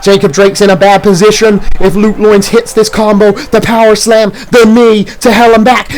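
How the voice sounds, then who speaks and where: A man calling a wrestling match play by play, shouting out near-falls and big moves. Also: sits high, level tone, slight background noise, low-quality recording. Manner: rapid move-by-move calls, shouting near-falls. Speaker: play-by-play commentator. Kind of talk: excited wrestling commentary.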